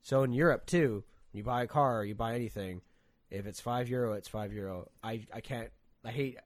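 A man's voice: mid-range voice, normal speed. A young man in casual chat, telling stories animatedly, swearing often and acting out quotes in a raised voice.

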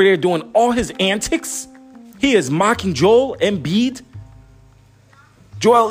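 Animated man ranting into his phone. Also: sits high, slightly rough, soft background music. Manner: animated, incredulous, rapid-fire rhetorical questions. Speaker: sports fan vlogger. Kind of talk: casual phone-camera rant.

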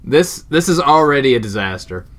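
A man's voice: mid-range voice, sing-song, normal speed. A young man hosting a podcast with casual, crude, joking banter. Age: young adult. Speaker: podcast host. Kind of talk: casual chat.

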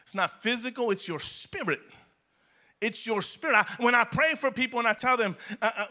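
A man's voice: very high voice, animated, moderate pace, pushed and bright. A male pastor preaching a sermon in a church, fervent and repeating his phrases for emphasis.

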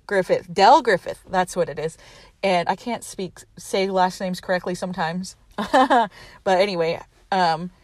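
Woman, casual movie recap, animated and chatty, dry voice. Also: on the low side, no echo. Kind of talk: casual movie plot retelling.

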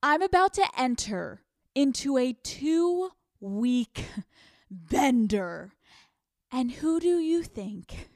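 A young American woman hosting a solo podcast, brash and profane, swinging from loud bursts to hushed asides. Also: on the high side, animated, extremely slow, no room sound, studio quality. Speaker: podcast host.

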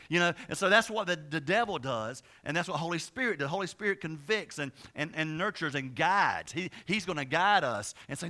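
A man preaching a sermon as pastor, talking in a quick, conversational way with many restarts, jokes and asides. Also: on the high side, expressive, sharp tone.

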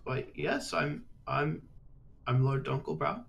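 A man's voice: medium pitch, animated, takes it slowly, vocal fry, pitched above the performer's own voice, exaggerated voice. A man voicing a suspicious male noble lord who is polite but probing. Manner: prying, courteous then blunt.

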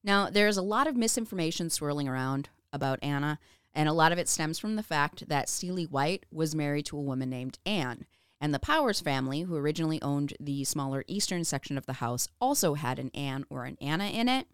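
A woman's voice: sits low, expressive, a little fast, clear, resonant tone, no room sound, studio quality. A woman co-hosting a podcast, reading researched history with casual asides and frequent laughs. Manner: laughs often, reads notes with asides. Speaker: podcast co-host.

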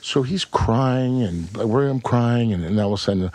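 A male actor, a guest on a podcast, telling a story in an animated, profane and rambling way. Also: mid-range voice, moderate pace, hardly any pauses, dry recording.

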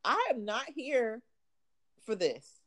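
A woman's voice: a little high, big pitch swings, slow pace, fairly bright tone. A woman chatting casually as a co-host, playful and teasing, laughing easily. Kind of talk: casual chat.

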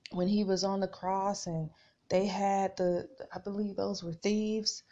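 A woman's voice: medium pitch, little pitch movement, measured pace, dark tone. A woman hosting a podcast, reading scripture and talking casually to her listeners, repeating phrases for emphasis. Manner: chatty, addresses listeners as "y'all". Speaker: podcast host. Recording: dull lo-fi recording.

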